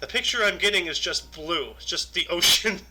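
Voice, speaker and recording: A man's voice: high voice, animated, a little fast, very noisy. A man co-hosting a casual chat, reading out facts and teasing with a wry humor. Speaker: co-host.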